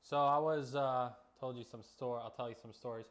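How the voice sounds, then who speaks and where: A man's voice: mid-range voice, a little fast. Easygoing man telling stories while cooking. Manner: relaxed storytelling with jokes. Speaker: cooking vlogger. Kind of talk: casual cooking vlog.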